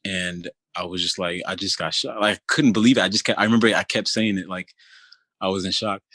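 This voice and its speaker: A man in his thirties from the Philadelphia area, telling his own story as an interview guest in a halting, loose way full of restarts. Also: deep voice, steady tone, bright, forceful tone, no echo. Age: 30s. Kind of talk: telling a personal story in conversation.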